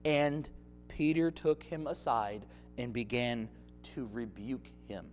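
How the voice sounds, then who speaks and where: A man's voice: mid-range voice, takes it slowly, soft background music. A male pastor preaching a sermon expressively, acting out scenes from the text.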